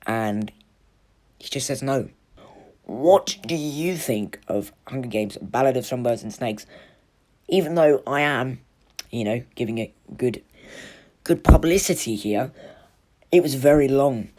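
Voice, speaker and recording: Chatty film reviewer, mid-pitched. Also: lively intonation, a little slow, pauses often, a little mellow. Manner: chatty, lots of "like" and "you know". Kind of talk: casual spoiler review monologue.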